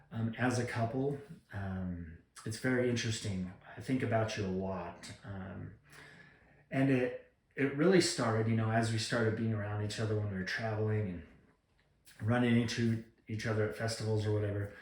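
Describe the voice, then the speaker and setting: A man's voice: on the low side, a little mellow. A man talking to the camera in a reflective gratitude vlog, earnest and rambling, with many ums and restarts. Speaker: vlogger. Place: room at home. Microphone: camera mic. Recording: echoey room.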